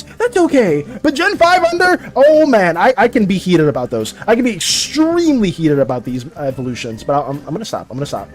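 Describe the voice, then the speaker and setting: A young man in his twenties talks casually with viewers while he draws on stream. His voice sits high and bounces through a very wide range. He rants excitably, stumbles over restarts and keeps laughing between thoughts. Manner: excitable ranting, stammering restarts, frequent laughter. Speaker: art streamer. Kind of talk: casual live-stream chat.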